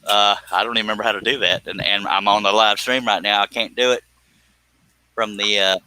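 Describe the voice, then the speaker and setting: A man's voice: fairly low pitch, steady tone, brisk, sharp tone, poor audio. A man hosting a casual live stream, joking, laughing often and thanking viewers by name. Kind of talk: casual live stream chat while woodworking.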